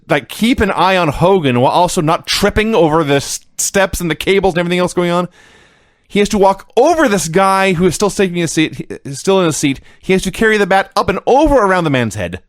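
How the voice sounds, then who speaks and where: Dude on a podcast being dry and sarcastic, lively voice, dead dry sound. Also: male voice, on the high side, no echo. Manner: dry, sarcastic, wry storytelling recaps. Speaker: podcast co-host. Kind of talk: casual chat.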